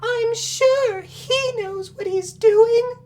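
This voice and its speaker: A woman voicing a prim young woman in a comic read-aloud, in a high squeaky falsetto that cracks. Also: extremely slow, darkish tone, heavily acted. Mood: pleading.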